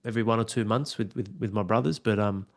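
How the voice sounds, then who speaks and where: A man's voice: on the low side, fairly even intonation, fast talker, gravelly. A man, hosting a podcast interview and encouraging his guest with enthusiasm. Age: 40s. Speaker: podcast host. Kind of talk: conversational interview.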